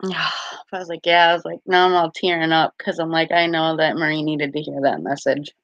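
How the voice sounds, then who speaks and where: A woman's voice: deep voice, steady tone, normal speed, a bit bright, dry recording, muffled recording. A woman casually chatting on a live stream as a card reader, giggly and full of fillers.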